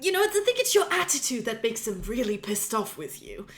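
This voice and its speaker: A woman's voice: a little high, very animated, brisk. A woman voicing a smug, scheming young male cousin who talks down to people. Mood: condescending. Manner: condescending, sneering.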